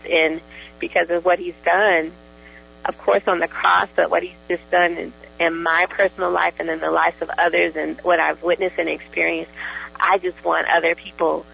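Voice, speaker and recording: A joyful woman talking about her faith as a guest on a radio show. Her voice is husky and bright with gravelly creaks, and the audio is muffled and lo-fi. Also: fairly low pitch, little pitch movement, normal speed. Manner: joyful, enthusiastic, laughs often. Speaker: guest in deliverance ministry training. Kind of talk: casual radio conversation. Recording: dull lo-fi radio sound.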